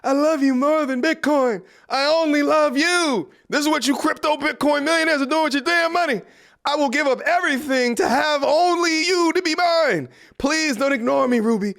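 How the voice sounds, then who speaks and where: A man's voice: creaky, full character voice. Man doing a whiny lovesick fan. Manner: high, loud, rushed mocking whine. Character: lovesick obsessed male fan, whiny and pleading.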